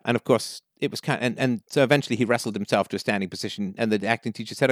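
A man's voice: on the low side, fast talker, few pauses, no echo, clean studio sound. A man hosting a call-in show, giving advice and telling stories while acting out the quoted voices. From Canada. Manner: animated storyteller, acts out quoted voices. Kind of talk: advice talk to a caller.

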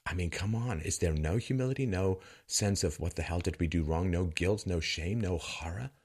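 A man's voice: moderate pace, husky. A middle-aged man giving a sardonic monologue commentary that mocks what he criticizes, with bursts of laughter. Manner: sardonic, mocking, with lively swings in pitch and bursts of laughter.

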